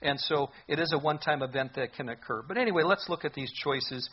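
Pastor, male, husky voice, earnest emphatic sermon, muffled lo-fi recording. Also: fairly high pitch, brisk. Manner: earnest, emphatic preaching with repetitions.

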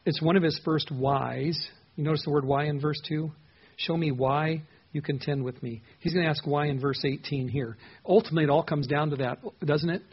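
A man's voice: a little high, steady tone, normal speed, breathy edge, dull audio. A man teaching a Bible passage verse by verse as a pastor, conversational and asking his listeners questions. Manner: conversational, asks the listeners questions, repeats words.

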